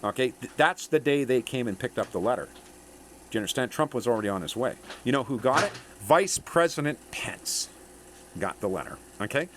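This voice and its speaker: A man talks straight to his viewers in a long, rambling monologue. He is emphatic, keeps tossing in "okay?" and "eh?", and his pitch swings up and down with animation. A faint hum of noise sits behind him. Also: lively intonation, a little fast, a bit bright. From Canada.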